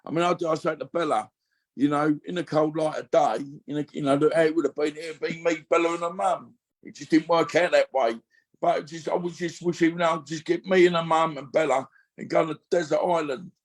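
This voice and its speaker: A man's voice: on the high side, fairly even intonation, a little fast. A middle-aged man talking candidly on a podcast, rambling with many fillers and restarts. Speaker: guest.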